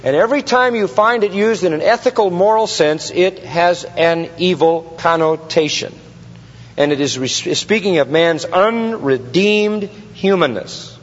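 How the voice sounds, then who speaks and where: Man, preacher, expository sermon, emphatic repetition, rhetorical questions, slightly high voice, dull lo-fi recording. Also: measured pace. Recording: long hall reverb, dull lo-fi sound.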